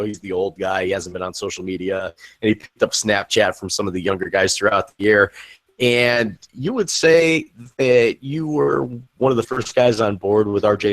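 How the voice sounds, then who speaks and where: A man's voice: fairly low pitch, a bit bright. A man hosting a podcast who asks loose, joking questions full of fillers. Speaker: podcast host. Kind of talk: casual interview questions.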